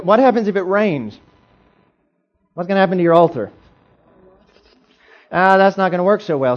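A man preaching to a congregation in a slightly high voice, playful and animated as he keeps asking the room questions. The recording is dull and lo-fi. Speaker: pastor. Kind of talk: interactive sermon. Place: church.

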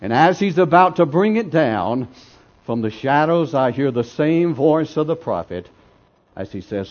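A man preaching a dramatic sermon, telling a story with swells of intensity and drops to hushed tones, in a dull lo-fi recording. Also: a little high, animated, a little slow. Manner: dramatic, swelling then dropping to near whispers.

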